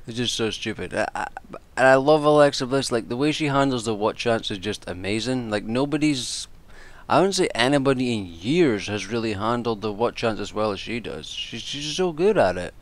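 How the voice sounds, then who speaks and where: A man's voice: medium pitch, animated, moderate pace. A man giving casual, rambling predictions and reviews, exasperated and swearing freely as he talks. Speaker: wrestling commentator and vlogger.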